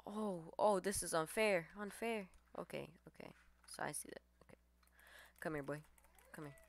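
A woman giving live gameplay commentary, excitable, swearing and trash-talking her opponents. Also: lowish voice, normal speed, gravelly. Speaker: gamer streamer.

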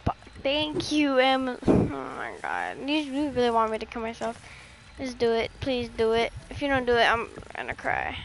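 A young woman chatting excitedly and swearing casually while playing a video game with a friend. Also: high voice, takes it slowly, noisy background. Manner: excitable, swears and laughs often. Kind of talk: casual gameplay chat.

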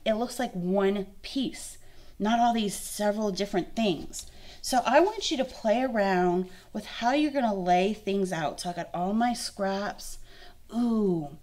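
A young woman from Louisiana, an art instructor, gives a friendly, encouraging kids' art lesson demonstration, thinking aloud as she works. Her voice is medium-pitched with a darkish tone.

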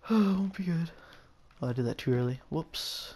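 A man's voice: fairly high pitch, expressive, normal speed, pauses often, a little mellow. A young man giving casual gameplay commentary, rambling and musing aloud, often stopping and restarting his sentences. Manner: rambling, musing, self-interrupting. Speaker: gameplay video host.

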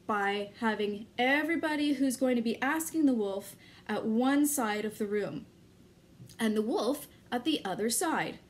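A woman leading a children's activity lesson as an early childhood educator, coaxing young kids in a sing-song voice and inviting them to join in. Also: a little high.

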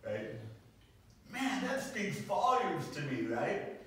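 A pastor leads a Bible doctrine class, his slightly high voice rising and falling with animated energy. He keeps checking in with rhetorical questions. He is captured from far off in an echoey, noisy classroom. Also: takes it slowly. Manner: animated, peppers talk with rhetorical "right?".

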